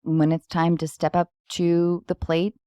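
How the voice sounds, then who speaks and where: Lady podcast host, playful rambly chat, lowish voice, dry close mic. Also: completely flat delivery, a little slow, mellow, clear, resonant tone, no room sound. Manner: chatty, playful, rambling with frequent laughs. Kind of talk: casual chat. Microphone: close podcast microphone.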